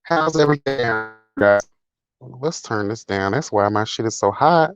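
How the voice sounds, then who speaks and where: A man's voice: mid-range voice, expressive, unhurried, clean tone, no echo, highs cut off, soft background music. A man hosting a casual livestream, talking in a sassy, profane, dramatic way. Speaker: livestream host reading chat. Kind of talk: casual chat.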